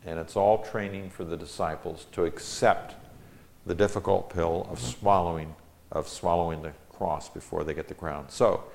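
A man's voice: deep voice, darkish tone. A man preaching a Bible-teaching sermon, reading Scripture aloud with rising emphasis and explaining it.

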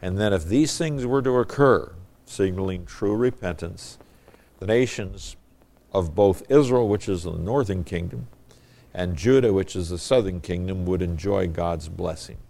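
A man with a deep, low-pitched voice delivers an expository sermon. He reads the scripture passages with mounting emphasis. Between readings he explains the text in an earnest, measured way, with the occasional filler. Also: creaky, dark tone. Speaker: preacher.

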